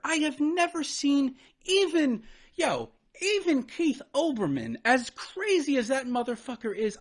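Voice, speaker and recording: A man giving a profane, incredulous commentary as he reacts to a debate clip, swearing and venting in disbelief. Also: extremely high pitch. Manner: exasperated, incredulous, swearing, talks over paused clips.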